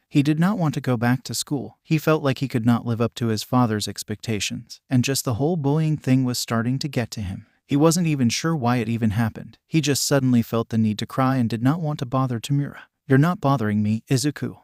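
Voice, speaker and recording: A man reading a fan fiction story aloud in a steady, even narration, voicing the dialogue with little change. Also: mid-range voice, no echo, clean studio sound. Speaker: fanfic reader. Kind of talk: scripted narration.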